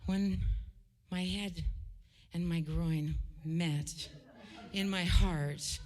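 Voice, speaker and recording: A singer-songwriter woman telling an animated, chatty story before a song, with laughing asides. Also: on the low side, drawn-out words, in a large hall.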